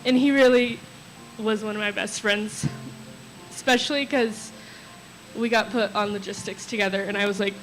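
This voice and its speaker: A woman's voice: medium pitch, steady tone, normal speed, long pauses, soft background music, poor audio. A young woman sharing nervous, chatty memories of a friend at a memorial, laughing through her stories. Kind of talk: memorial tribute, storytelling.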